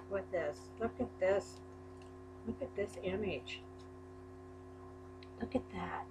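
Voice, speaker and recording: A woman's voice: medium pitch, a little mellow, slight background noise, poor audio. A woman unboxing a crafting package in a vlog, gushing and exclaiming over each item. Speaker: crafting YouTuber. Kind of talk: unboxing a mail package on camera.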